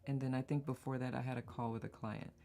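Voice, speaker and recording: Gravelly, chatty woman hosting a live circle. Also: extremely low pitch, steady tone, fast talker, dark tone, soft background music. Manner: chatty, laughs often, rambling asides. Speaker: host of a live community circle. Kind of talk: casual live-stream chat reading comments.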